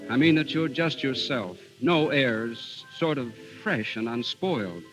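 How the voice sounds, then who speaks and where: An actor playing a charming, persuasive young gentleman in a 1940s radio drama, with faint music behind. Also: medium pitch, expressive, a little slow, close to an everyday voice, rough recording. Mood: tender. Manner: enthusiastic, persuasive.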